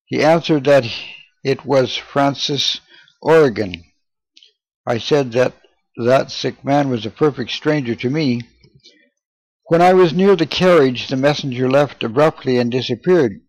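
A man reads a memoir aloud in a steady, measured narration, easing his pace over names and dates. His voice sits at an ordinary middle pitch, recorded close and dry with no room around it. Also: no room sound, low-quality recording. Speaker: audiobook reader. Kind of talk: scripted narration.

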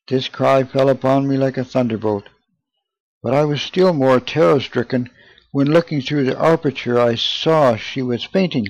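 A man giving an earnest, measured, solemn reading of a first-person memoir. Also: mid-range voice, gravelly, a little mellow, no echo. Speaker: narrator. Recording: dull lo-fi, dry.

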